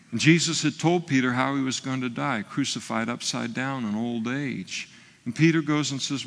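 A man's voice: mid-range voice, normal speed, gravelly, a bit bright, in a large hall. A man preaching a sermon, retelling a story in a conversational way with frequent fillers and restarts. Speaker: pastor.

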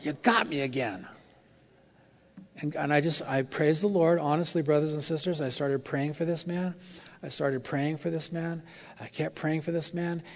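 A man's voice: fairly high pitch, fairly even intonation, moderate pace. A man preaching as a guest in a church, telling an earnest, confessional story before leading a closing prayer. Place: church sanctuary. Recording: long hall reverb in a church.

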